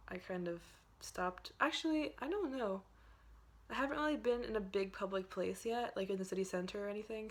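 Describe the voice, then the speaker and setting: A young woman from Pennsylvania talking to camera in a casual, rambling vlog, full of fillers and hedges. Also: mid-range voice. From Pennsylvania, USA. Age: young adult. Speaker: vlogger.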